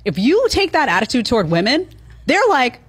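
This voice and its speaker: A woman giving her opinions in an animated podcast discussion. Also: fairly high pitch, fairly quick, husky.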